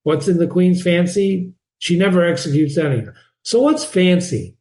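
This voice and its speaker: A man's voice: high voice, normal speed, darkish tone. A man teaching a literature lesson in an informal way. He repeats key phrases and asks the listener questions. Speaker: reading teacher and host. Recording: roomy echo.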